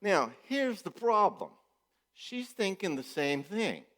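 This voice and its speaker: A man's voice: sits high, very animated, takes it slowly, a bit bright. A man gives a joking, conversational conference talk as a marriage therapist, often checking in with the audience. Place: church hall. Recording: echoey church hall.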